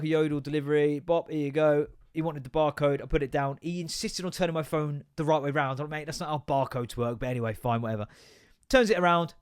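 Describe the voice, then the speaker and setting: A sarcastic man in his thirties, hosting a podcast alone. He rants casually with plenty of swearing and exasperated asides. His voice sits a little above the usual male pitch. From England. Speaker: podcast host. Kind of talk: casual ranting monologue.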